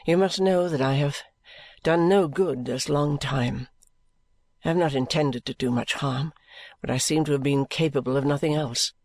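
A man's voice: fairly high pitch, normal speed, darkish tone, dry recording. Guy reading a weary restless young man, earnest and pleading, dry close sound. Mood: rueful. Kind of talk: audiobook character reading.

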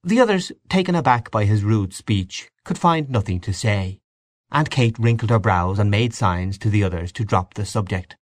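A man giving a measured, expressive audiobook narration of a story. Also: fairly low pitch, no room sound, clean studio sound. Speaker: audiobook reader. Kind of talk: scripted narration.

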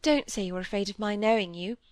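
A woman reading aloud, voicing a gentle, timid young girl in an old novel who speaks softly and higher than the narration. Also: a little fast, no echo, clean studio sound, close to an everyday voice. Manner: soft and timid.

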